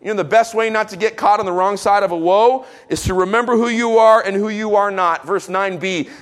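A man preaching a sermon, reading scripture with rising emphasis and dropping into casual, quiet asides. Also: sits high, fast talker. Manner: casual asides with fillers between solemn readings.

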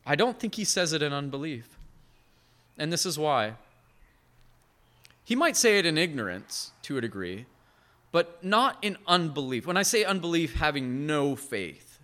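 Bright-voiced man preaching a sermon. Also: fairly high pitch, big pitch swings, moderate pace, long pauses. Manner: earnest, swinging from hushed to emphatic; conversational asides with short laughs. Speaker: pastor.

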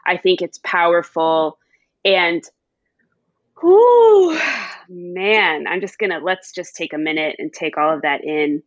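A woman's voice: lowish voice, fairly even intonation, unhurried, fairly bright tone, no room sound, muffled recording. A woman hosting a podcast, affirming her guest with lots of short agreement. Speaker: podcast host. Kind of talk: podcast interview.

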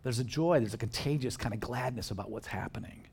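A male pastor delivers a conversational sermon in church, joking with the congregation and asking them questions in an animated way. His voice is medium-pitched with vocal fry and a breathy edge, and he talks fast.

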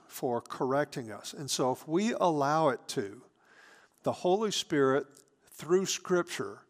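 Earnest male pastor preaching. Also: mid-range voice. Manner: earnest, shifts from emphatic to hushed. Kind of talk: sermon.

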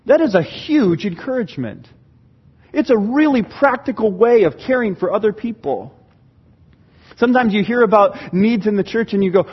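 A man preaching a sermon as pastor, animated, acting out church members' voices. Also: sits high, normal speed, breathy edge, dull audio.

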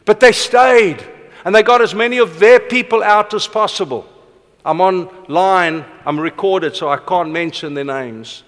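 A middle-aged man preaching a passionate sermon, rushing ahead and then slowing for emphasis. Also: sits high, a bit bright. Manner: passionate, fast-paced with sudden slow emphatic drops. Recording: long reverb of a large hall.

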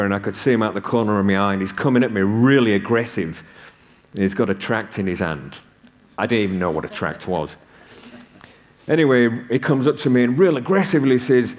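A man's voice: mid-range voice, normal speed. A man in his sixties from the north of England, preaching a sermon and telling stories with humor. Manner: conversational storytelling with humor.

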